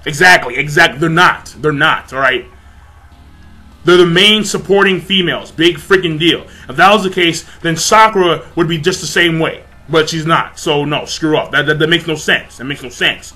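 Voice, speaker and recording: A man ranting casually to camera in an animated, profane way, often repeating himself. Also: on the high side, normal speed, faint music behind. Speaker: vlogger.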